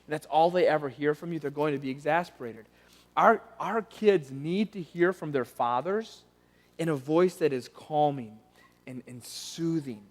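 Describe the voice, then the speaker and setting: High-voiced pastor preaching in a reverberant hall. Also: male voice. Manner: animated storytelling, dropping to soft pleading. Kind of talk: sermon. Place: church auditorium. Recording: long reverb of a church hall.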